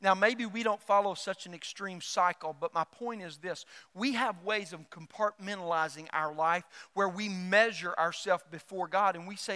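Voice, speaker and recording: A pastor preaching a sermon, lively and joking, acting out quoted voices. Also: male voice, sits high, normal speed, hardly any pauses, long reverb tail. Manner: animated, acts out quoted voices and jokes.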